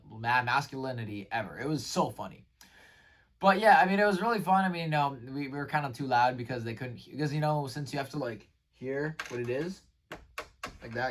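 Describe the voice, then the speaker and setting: A man recapping his day in a casual vlog, rambling and excitable, with lots of fillers and restarted sentences. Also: mid-range voice, distant mic. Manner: rambling, filler-heavy, says "like" and "bro" constantly. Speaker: vlogger.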